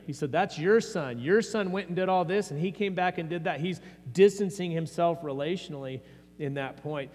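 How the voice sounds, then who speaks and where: Male pastor, earnest conversational sermon, slightly high voice, long church reverb, faint mains hum. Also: a little mellow. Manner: earnest, conversational preaching with restarts. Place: church sanctuary.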